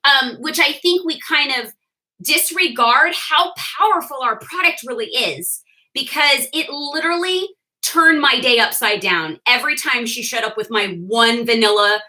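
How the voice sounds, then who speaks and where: A young woman shares her personal testimony with a team, lively and quick to laugh. Her voice sits high and sounds sharp and bright. She acts out the lines of the people in her story. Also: rough recording. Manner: animated storyteller, laughs often, acts out quotes. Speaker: direct sales leader sharing her story.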